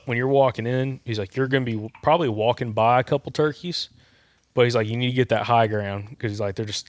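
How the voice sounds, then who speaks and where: A man's voice: medium pitch, no echo. Dry-voiced man telling stories. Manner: rambling, relaxed anecdote-telling. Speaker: podcast host. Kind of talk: casual podcast storytelling.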